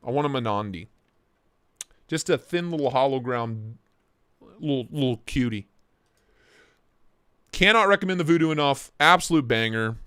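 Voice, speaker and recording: A young man hosting a casual knife livestream from his home office, excitable and joking as he reacts to chat. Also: medium pitch, fairly quick, smooth, no room sound, clean studio sound. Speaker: livestream host reviewing knives. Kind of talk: casual live-stream chat.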